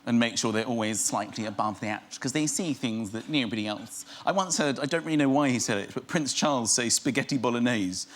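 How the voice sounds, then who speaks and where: A man's voice: mid-range voice, quick pace, hardly any pauses. A middle-aged man, a comedian guest, telling stories on a chat show and acting out little scenes in silly voices. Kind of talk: animated chat-show storytelling. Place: TV studio with live audience. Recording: loud studio audience laughter and noise.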